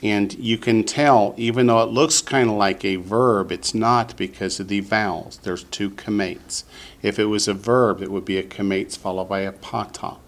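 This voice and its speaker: A man teaching a Hebrew vocabulary lesson to a class, patient and slow, repeating each word for the students. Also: fairly low pitch, fairly even intonation.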